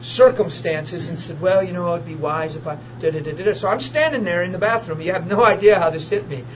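Emotional high-voiced preacher telling his story. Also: a little fast. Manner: emotional, swings from hushed to loud laughing and crying. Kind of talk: testimony storytelling. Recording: dull lo-fi audio with noise.

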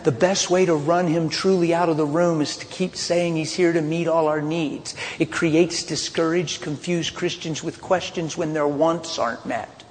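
Animated preacher man in an echoing hall. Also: fairly high pitch, normal speed, few pauses. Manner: animated, swings from loud outbursts to hushed confessions. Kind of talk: sermon with personal storytelling. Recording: long hall reverb, faint ambience.

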